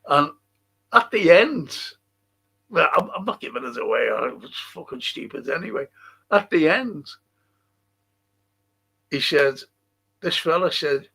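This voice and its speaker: A man's voice: a little high, lively intonation, unhurried, creaky, long pauses, pushed and bright, breathy edge. An older man hosting a livestream, rambling casually, swearing and chuckling as he reads out viewer comments. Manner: rambling and profane, chuckling often. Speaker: livestream host.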